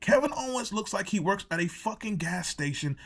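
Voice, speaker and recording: A man's voice: high voice, lively intonation, fairly quick, fairly bright tone. A man reviewing a wrestling show in a profane, indignant reaction rant. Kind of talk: ranting reaction commentary.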